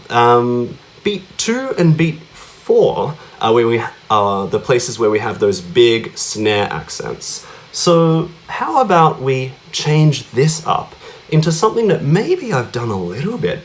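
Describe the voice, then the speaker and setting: Chatty man teaching cajon, lively pitch. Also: takes it slowly. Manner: chatty, asks many tag questions like yeah and right; counts out beats and vocalizes drum sounds. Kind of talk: casual music lesson.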